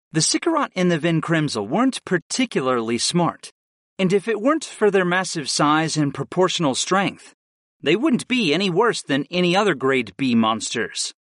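A man narrating a first-person fantasy audiobook with an expressive, varied delivery. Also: a little high, no room sound, studio quality.

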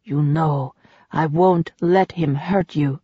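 Woman doing a low protective male lover. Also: fairly even intonation, takes it slowly, slightly rough, dry recording, highs cut off, exaggerated voice. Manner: playful and protective.

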